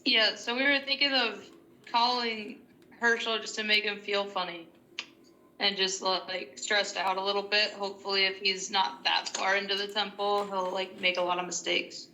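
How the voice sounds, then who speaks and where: A woman's voice: mid-range voice, level tone, normal speed, pushed and bright, a little hiss or hum. A woman chatting casually as a player in a tabletop game, hesitant and chatty. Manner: chatty and hesitant, many fillers and restarts. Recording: echoey room recording.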